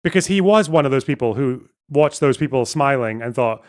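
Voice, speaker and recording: A man's voice: mid-range voice, expressive, a little fast. Sardonic man hosting a livestream. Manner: sardonic, swears freely. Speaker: livestream host. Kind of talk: casual livestream commentary.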